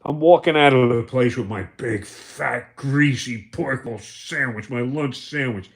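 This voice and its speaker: A man's voice: medium pitch, a little slow. Male streamer, casual storytelling, foul-mouthed and rambling, mid-range voice. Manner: profane, rambling, chuckling through anecdotes. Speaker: livestream host.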